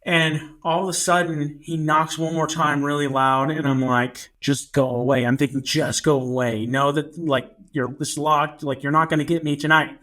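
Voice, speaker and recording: Animated storytelling man, slightly high voice. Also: normal speed, few pauses. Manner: animated storyteller, acts out his own quoted lines. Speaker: podcast co-host. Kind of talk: casual chat.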